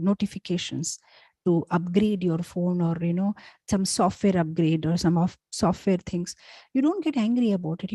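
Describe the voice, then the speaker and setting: A spiritual teacher, a woman with a medium-pitched voice, tells scripture stories in an animated talk, peppering her speech with "you know." The recording has no echo.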